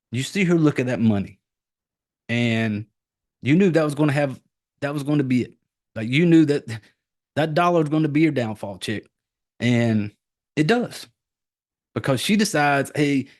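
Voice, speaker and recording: Rambling, profane man on a podcast. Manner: rambling, profane, animated retelling with sudden high-pitched jumps. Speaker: podcast host reviewing a horror film. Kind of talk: casual podcast chat.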